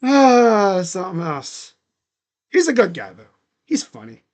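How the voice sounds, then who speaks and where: A man with a fairly high voice calls a basketball game live for his stream. He talks casually and rambles between plays, saying "like" a lot. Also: big pitch swings, unhurried. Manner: casual, rambling, heavy use of "like". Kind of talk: live play-by-play reaction commentary.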